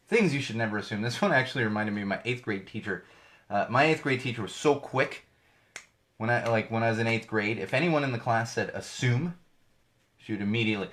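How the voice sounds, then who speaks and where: A man's voice: mid-range voice, expressive, fairly quick, a bit bright, slight background noise. A middle-aged man hosting his own podcast from a home studio, giving ranty, digressive solo commentary with lots of emphasis. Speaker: podcast host.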